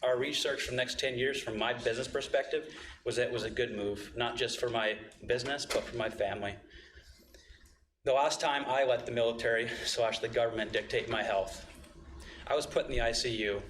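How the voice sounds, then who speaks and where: A man giving an impassioned, emotional public comment at a board meeting, rising to loud, emphatic outbursts. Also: medium pitch, steady tone, fairly quick, echoey room, a little hiss or hum.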